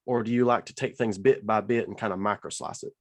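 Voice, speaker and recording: A man's voice: fairly low pitch, fairly even intonation, fast talker. A man in a meeting, asking a long question on a video call, rambling and hedging with fillers. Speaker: meeting participant.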